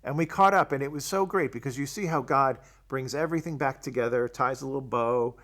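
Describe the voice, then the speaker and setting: A man's voice: medium pitch, fairly quick, a bit bright. An older man, a Catholic priest, telling his personal testimony and acting out the dialogue he quotes. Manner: storytelling, acts out quoted dialogue.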